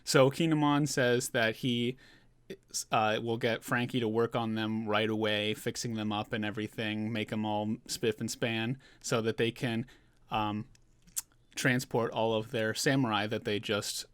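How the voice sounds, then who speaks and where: A man's voice: lowish voice, little pitch movement, measured pace, a bit bright, clear, resonant tone, no echo. A man giving a casual, loose recap of a manga chapter, chuckling now and then and talking with plenty of fillers. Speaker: manga reviewer.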